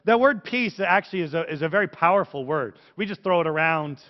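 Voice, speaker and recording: A man pastor preaching a sermon in an animated, conversational, jokey way. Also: a little high, a little fast. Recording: echoey hall, dull sound.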